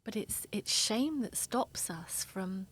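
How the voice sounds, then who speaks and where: A woman therapist speaking in an interview, explaining emotions in a soft, earnest way. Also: medium pitch, lively intonation, takes it slowly, slight background noise. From England. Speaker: therapist guest.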